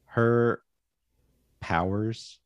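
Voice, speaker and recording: Low-voiced man hosting a film chat. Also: steady tone, very slow, clean tone, dry recording. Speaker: podcast host. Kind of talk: casual movie discussion.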